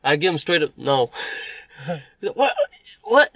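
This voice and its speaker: A man's voice: on the high side, very animated, unhurried, pushed and bright, no echo. A young man co-hosting a podcast, telling stories in a loose, profane, laughing way. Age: young adult. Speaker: podcast co-host. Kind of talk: casual chat.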